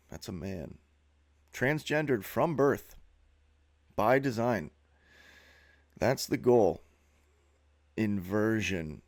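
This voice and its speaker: A man giving a sneering, profane monologue while narrating a slideshow as a video host. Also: on the low side.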